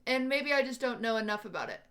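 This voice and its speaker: Woman streamer, casual chat to viewers, slightly high and bright voice, thinking out loud. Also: lively intonation, fast. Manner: thinking aloud, questioning, unsure. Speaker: livestream host.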